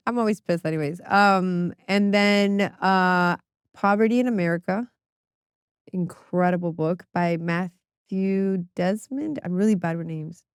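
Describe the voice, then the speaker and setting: A woman's voice: fairly low pitch, slow pace, clear, resonant tone, no echo, clean studio sound. A woman guest on a podcast, chatting casually and animatedly, laughing often and swearing freely. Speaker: podcast guest, music publicist. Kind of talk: casual chat.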